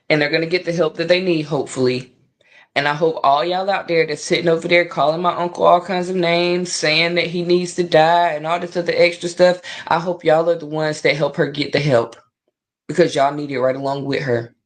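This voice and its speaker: A woman's voice: deep voice, steady tone, normal speed. A woman recording a defiant, emphatic video statement about her family. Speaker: niece speaking out.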